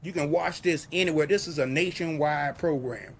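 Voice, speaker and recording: A man hosting his own show, pushing a TV subscription in a hyped, repetitive live sales pitch. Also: normal speed, vocal fry, slight background noise. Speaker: host pitching a TV service.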